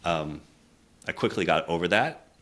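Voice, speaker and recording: Speaking at a moderate pace with lively intonation, a low-voiced middle-aged man who works as a communication coach recounts an honest personal story. He sounds earnest and reflective, dropping quiet when things turn emotional.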